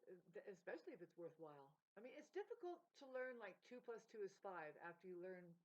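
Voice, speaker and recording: A woman's voice: medium pitch, sing-song, quick pace, rough recording. A woman talking in a rambling, swearing, stream-of-consciousness monologue about spirituality and music, with her voice jumping up and down. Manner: stream-of-consciousness, swearing, jumps between topics. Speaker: vlogger.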